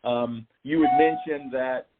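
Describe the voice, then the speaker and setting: A man from southern Maine, a guest explaining his program in a steady, explanatory way with some fillers. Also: mid-range voice, slow, over loud music. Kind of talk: explaining in an interview. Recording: tinny phone-like line.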